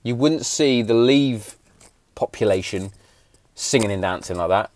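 A man's voice: fairly low pitch, a little slow, darkish tone, no room sound. A man, hosting a casual podcast in a blunt, sweary, heated way. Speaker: podcast host.

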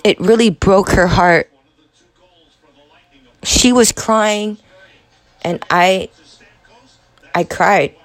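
A young woman in her twenties hosts a podcast, telling a personal story in a halting, profane confessional monologue. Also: mid-range voice, dry recording. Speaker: podcast host.

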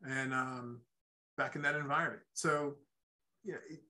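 A middle-aged man telling his own life story in a casual, halting way, with many restarts and a habit of checking in with "right?". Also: medium pitch, steady tone, bright, forceful tone, poor audio. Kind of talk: casual spoken testimony.

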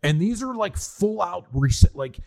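A man's voice: sits high, unhurried, gravelly. A man co-hosting a podcast, talking casually and swearing as he reviews a movie, with frequent laughs and restarts. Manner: animated, swearing, laughing, restarts mid-sentence. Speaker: podcast co-host.

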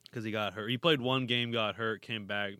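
A man's voice: fairly low pitch, steady tone, moderate pace, pushed and bright, clear, resonant tone, no echo. A man co-hosting a casual hockey chat, reading news items and swearing freely. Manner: laid-back, swears casually, laughs often. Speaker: hockey podcast co-host.

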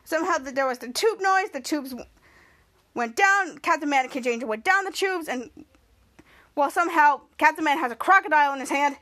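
A woman hosting a podcast, retelling a TV episode scene by scene in a halting way, with frequent restarts. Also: sits high, animated, sharp tone. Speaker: podcast host. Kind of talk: casual episode recap.

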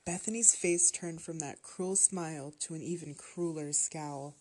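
Woman narrator, horror story reading, low voice, husky, steady and measured.

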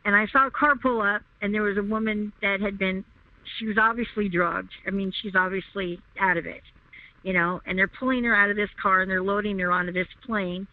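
Female guest on a phone line, medium pitch, emphatic storyteller who repeats herself, dry and tinny. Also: steady tone, brisk, no room sound. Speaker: interview guest. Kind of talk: recounting a personal story.

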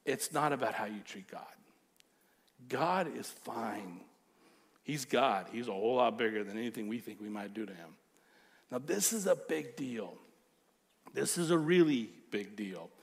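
A man with a fairly high speaking voice delivers a sermon. He preaches with animated emphasis, leaning hard into key phrases and often slipping into lively acted-out quotes. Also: vocal fry. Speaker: pastor.

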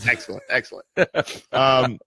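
A man's voice: medium pitch, steady tone, normal speed, pushed and bright, no room sound. A man hosting a podcast, leading the segments in a laughing, casual chat. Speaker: podcast host.

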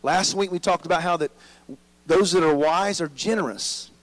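A man's voice: sits high, normal speed, poor audio. A man preaching a sermon as pastor, drawing the congregation in with frequent "amen?" prompts.

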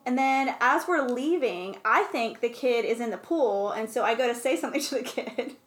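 A young mother with a fairly high voice chats with her co-hosts and laughs through her stories. The room is echoey. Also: lively intonation, normal speed. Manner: chatty, laughs often while telling stories. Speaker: podcast co-host. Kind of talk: casual chat.

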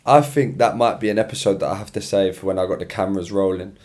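This podcast host has a deep, a little mellow voice with fairly even intonation, and he talks fast. He's a young man, tired and yawning, chatting and rambling in slang on his own mic from his room.

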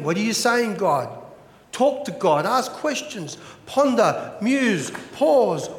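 A man preaching a sermon as pastor, animated and full of rhetorical questions. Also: high-pitched, reverberant, big-room sound.

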